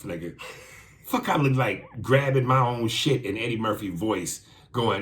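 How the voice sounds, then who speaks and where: A man co-hosting a podcast, reading a listener email aloud in a blunt, profane, animated way. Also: medium pitch, moderate pace. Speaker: podcast co-host.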